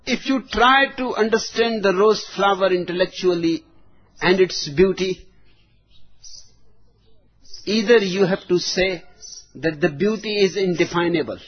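A man giving a spiritual discourse, speaking deliberately, phrase by phrase, with long pauses. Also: high voice, husky. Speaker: spiritual teacher. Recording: dull lo-fi recording.

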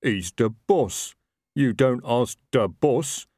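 A man voicing a slow-witted, chatty male troll worker with a rambling, working-class manner. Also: mid-range voice, expressive, darkish tone, no room sound, studio quality.

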